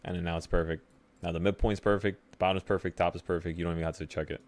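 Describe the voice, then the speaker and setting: A young man with a very low voice walks through trading charts in a loose, offhand way. He thinks out loud and pokes fun at his own slips as he clicks around. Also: racing. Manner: relaxed, thinking aloud, laughs at himself. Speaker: trading channel host. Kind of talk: casual screen-share chart walkthrough.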